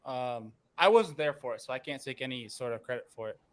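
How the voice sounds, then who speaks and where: A man's voice: medium pitch, lively intonation, a little fast. A man hosting a fishing podcast, telling a story in a rambling, casual way. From New York, US. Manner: rambling, filler-heavy. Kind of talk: casual chat.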